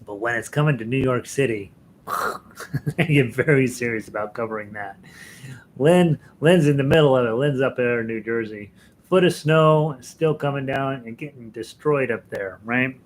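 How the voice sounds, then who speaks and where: A man's voice: mid-range voice, normal speed, a little hiss or hum, rough recording. An American man hosting a live ukulele lesson stream, chatting casually with viewers, chuckling often and rambling with fillers and restarts. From United States.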